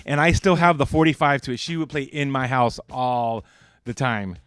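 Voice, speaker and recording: A man's voice: medium pitch, moderate pace, a bit bright, smooth, no room sound, clean studio sound. A man hosting a radio interview, rambling and eager as he tells stories as a longtime fan. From Southern California. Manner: enthusiastic fan, rambling with many restarts. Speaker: radio DJ, host.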